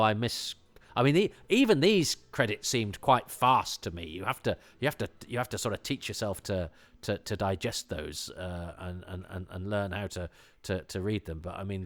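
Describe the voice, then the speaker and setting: A man's voice: on the low side, moderate pace, fairly bright tone. Rambling English man musing aloud. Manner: rambling, many restarts and fillers, enthusiastic. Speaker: podcast host. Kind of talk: casual solo commentary.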